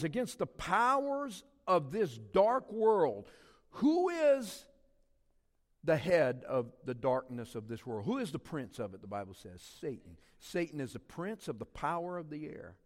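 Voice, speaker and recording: A middle-aged man, preaching a sermon as a pastor, swinging between loud emphatic passages and quiet ones. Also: on the high side, a little slow, big-room sound. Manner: animated preaching with big swings in loudness.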